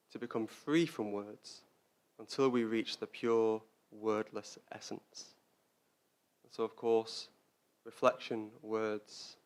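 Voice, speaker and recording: Speaking as a Buddhist teacher in a Dharma talk, a lowish-voiced man reflects aloud, frequently repeating words while he hunts for the right ones.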